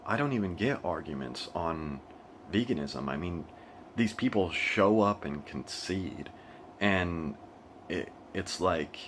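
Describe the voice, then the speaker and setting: A young man from the United States talks off the cuff in a very low voice, tripping over his own sentences and laughing as he goes. A faint hiss of noise sits under the recording. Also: animated, slow, a bit bright. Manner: rambling, with frequent restarts and laughs. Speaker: vlogger. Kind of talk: casual monologue. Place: living in Asia.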